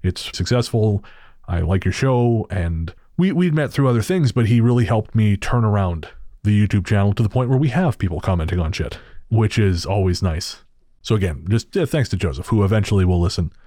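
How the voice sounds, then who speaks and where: A man's voice: on the low side, lively intonation, fairly quick, warm tone, no room sound, clean studio sound. A man hosting a podcast, chatting casually with sarcastic, profane jokes and frequent laughter. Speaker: podcast host.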